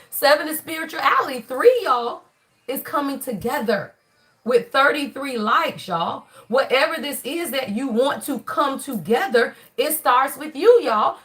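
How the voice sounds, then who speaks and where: Woman, 30s, crisp and high; casual, swearing live reader talking to viewers. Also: bright, forceful tone. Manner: loose, profane, talks straight to viewers. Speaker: spiritual reader on a livestream.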